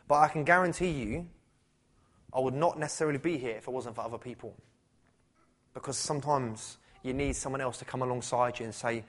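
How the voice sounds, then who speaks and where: A man's voice: mid-range voice, fairly quick, a bit bright. A man preaching a sermon at a church service, talking conversationally and asking rhetorical questions. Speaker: pastor.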